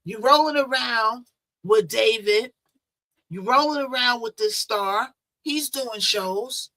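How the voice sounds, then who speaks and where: Woman host, bright voice, casual and talky, tosses in rhetorical questions. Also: fairly high pitch, slow. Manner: chatty, conversational, rhetorical asides. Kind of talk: casual commentary on a news case.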